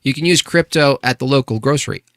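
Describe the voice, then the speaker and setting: A man's voice: medium pitch, fast, fairly bright tone, no room sound, clean studio sound. A man hosting a casual live stream, arguing with chat and asking pointed rhetorical questions. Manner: argumentative, rhetorical questions, restarts.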